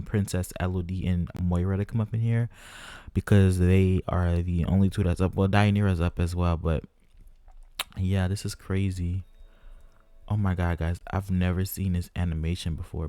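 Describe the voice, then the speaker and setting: A man's voice: low-pitched, mellow, no room sound. A man hosting casual gameplay commentary, chatty and talking straight to his viewers. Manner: chatty, keeps addressing viewers as "guys". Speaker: gaming channel host.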